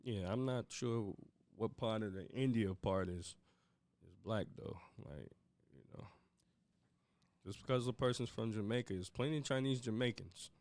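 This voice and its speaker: A man in a casual podcast chat who talks bluntly and offhandedly, tossing in mock quotes. His voice is lowish and smooth, and the sound is dry and close. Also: expressive, moderate pace, darkish tone, no room sound. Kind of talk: casual discussion.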